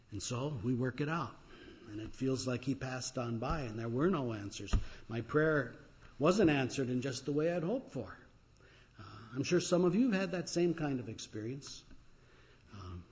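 A male pastor preaching with a lively, sweeping pitch that rises into shouts and drops to near murmurs. His voice sits a little high for a man. The recording is dull and lo-fi. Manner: dramatic, swings from loud crying out to quiet reflection. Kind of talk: sermon.

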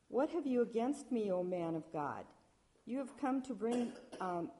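A woman reading scripture aloud at a church service, measured, with small slips and restarts. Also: mid-range voice, mellow. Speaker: lector.

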